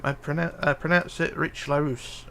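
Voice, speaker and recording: A man's voice: fairly high pitch, fairly even intonation, moderate pace, creaky, pushed and bright. A man streaming live, reading viewer comments aloud and muttering to himself as he builds, with hesitant fillers. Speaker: livestreamer. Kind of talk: casual live stream chat while building.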